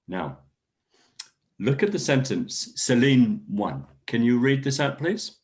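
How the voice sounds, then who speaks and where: Man teaching with lively intonation. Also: mid-range voice, a little slow. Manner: encouraging, models sentences with stress. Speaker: English workshop teacher. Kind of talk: online class instruction.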